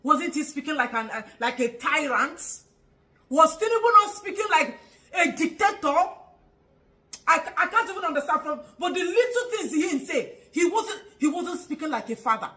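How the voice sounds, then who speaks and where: A woman with a Nigerian accent in an angry vlog commentary, scolding with rhetorical questions, mocking laughs and bursts of shouting. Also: sits high, expressive, normal speed, poor audio.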